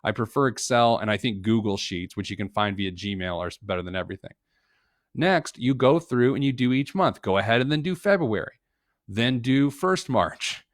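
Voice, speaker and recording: A man with a mid-range voice walks viewers through a budget in a casual live-stream tutorial. He is chatty and joking, with lots of quick asides and restarts. The sound is dry and close, as if from a computer mic at a home desk. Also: mid-range voice, animated, dry recording. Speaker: financial planner teaching a live budgeting session.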